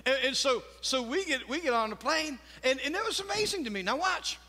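High bright-voiced male pastor in reverb. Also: animated, a little fast. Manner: storytelling, laughs at own jokes, asks crowd questions. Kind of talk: sermon. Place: church sanctuary. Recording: long church reverb.

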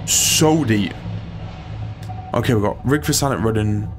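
Jittery gamer, swearing to himself. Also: male voice, lowish voice, unhurried, music in the background. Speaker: gaming channel host. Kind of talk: let's play commentary.

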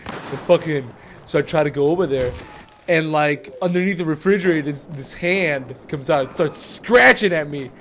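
High-voiced young man, rambling and profane. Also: normal speed, fairly bright tone, a little hiss or hum. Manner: rambling, profane, laughing storytelling. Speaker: video uploader and player. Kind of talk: casual gaming chat. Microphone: home desk mic, audio only.

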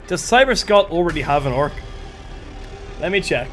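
A man commentating a live game stream with excitable energy and a slightly strained voice, thanking viewers as he goes. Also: a little high, normal speed, pauses often, soft background music.

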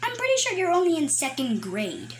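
A woman voicing a grumpy, crude male chef in a puppet comedy skit, talking in a flat, sarcastic grumble. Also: high-pitched, a little fast, slight background noise, pitched above the performer's own voice.

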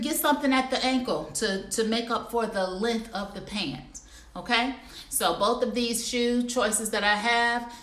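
A woman's voice: medium pitch, a bit bright, echoey room. A woman hosting a livestream, reviewing clothes in a chatty, casual way and calling viewers y'all. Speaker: livestream shopping host. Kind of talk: casual live product review. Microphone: phone or computer livestream.

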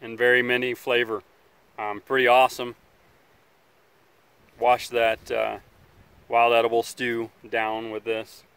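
A man hosting a casual outdoor survival vlog, talking in a relaxed, rambling way by a campfire, sometimes chewing as he speaks. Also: medium pitch, measured pace, pauses often, smooth, dry recording. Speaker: outdoor survival channel host.

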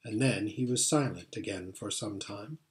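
A man reading a children's fantasy novel aloud in a measured, steady way, with the odd slip. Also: on the low side. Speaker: audiobook reader. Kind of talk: storybook narration.

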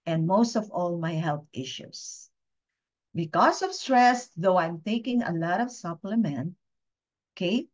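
A woman gives a heartfelt testimony to a training audience, earnest and confiding, stopping often to put questions to her listeners. Her voice sits at a middling pitch, and the recording sounds a little dull and lo-fi. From Philippines. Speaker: guest speaker at a training session. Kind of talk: personal testimony talk.

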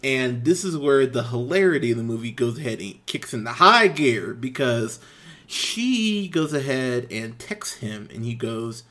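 A man's voice: medium pitch, sing-song, unhurried, fairly bright tone. A man hosting a movie podcast, recapping a comedy's plot in a casual, blunt and exasperated way, with frequent swearing and lots of "um" and "uh". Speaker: podcast host, film reviewer. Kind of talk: casual movie review, unscripted.

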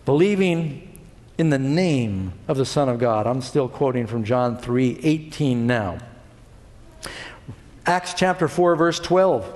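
A middle-aged male pastor preaching a sermon in a church, with lively delivery and frequent rhetorical questions to his congregation. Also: mid-range voice, slow. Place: church sanctuary. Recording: long hall reverb.

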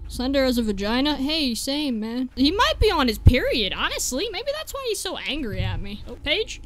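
A woman's voice: high voice, sing-song, moderate pace, hardly any pauses, fairly bright tone, a little hiss or hum. A young woman commentating a horror game let's play for her viewers, jumpy, swearing and laughing at her own fear. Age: young adult. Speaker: gaming YouTuber.

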